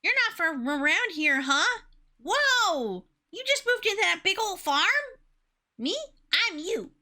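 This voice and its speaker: A cheerful young boy from a farming game greets a newcomer in an eager, chirpy voice, played by a woman streamer. The voice is bright and lively. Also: very high voice, takes it slowly, voice pushed up, exaggerated voice. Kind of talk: streamer reading game dialogue.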